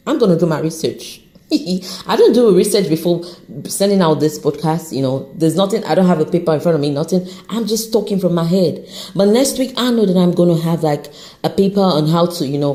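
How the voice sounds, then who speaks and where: A woman hosting an unscripted motivational podcast, talking off the cuff in an encouraging, animated way, with an accent she says shifts as she goes. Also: lowish voice, brisk. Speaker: podcast host.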